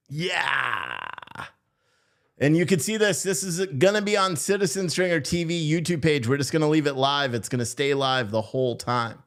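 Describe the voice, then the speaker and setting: A man's voice: a little high, animated, normal speed, a bit bright. A blunt, sarcastic male streamer talks off the cuff to his viewers in a slightly raised voice. His talk is loose and casual, and he swears without hesitation. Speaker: live stream host. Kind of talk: casual live stream commentary.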